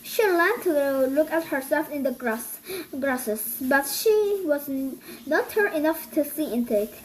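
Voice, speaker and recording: A woman reading a children's book aloud, halting and restarting often. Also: sits high, lively intonation, a little hiss or hum, rough recording. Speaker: storybook reader.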